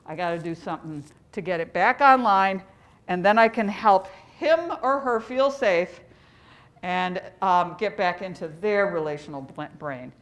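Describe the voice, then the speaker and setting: A woman's voice: lowish voice, a little slow, a bit bright. A woman presenting a live training workshop to educators, talking in a conversational way and joking with the audience. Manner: conversational, chatty, jokes with the audience.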